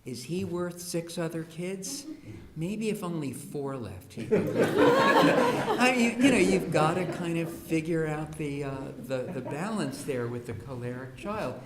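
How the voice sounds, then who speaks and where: A man's voice: on the high side, very animated, a little slow, over a noisy crowd. Humorous man speaking in an echoey hall. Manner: humorous storyteller, acts out quoted children and parents. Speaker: speaker on education. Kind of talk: public talk to an audience. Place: school hall. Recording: echoey room with faint hiss.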